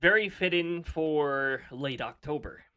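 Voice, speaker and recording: Chatty guy streaming, bit high pitched, reads weather stuff off the screen. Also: measured pace, sharp tone, smooth. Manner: chatty, laughs often, reads weather readouts aloud. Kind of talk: casual live-stream chat.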